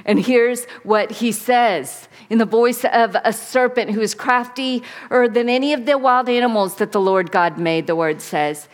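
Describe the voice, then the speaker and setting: Slow, dramatic woman preacher. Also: fairly high pitch. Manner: dramatic, swinging between soft and emphatic. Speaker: pastor. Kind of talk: sermon.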